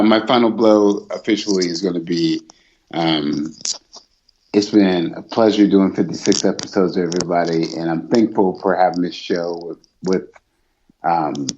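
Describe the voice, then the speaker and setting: Man, teasing podcast co-host, low voice, muffled lo-fi recording. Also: a little mellow. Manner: joking, teasing banter. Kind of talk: casual chat. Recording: dull lo-fi line with faint noise.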